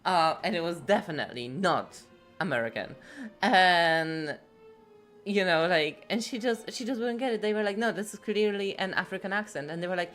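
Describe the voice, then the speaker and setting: A woman streamer talks in a slightly low voice, rambling through her thoughts and swearing without a filter. Soft music plays faintly behind her. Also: normal speed. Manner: rambling and blunt, swears freely. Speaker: game streamer. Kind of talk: casual chat.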